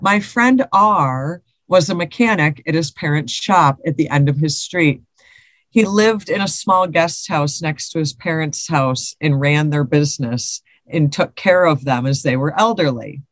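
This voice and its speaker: A woman's voice: low voice, measured pace, no echo. A woman co-hosting a podcast, chatting casually and reading listener stories aloud with laughs and swearing. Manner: laughing, swearing, repeats herself.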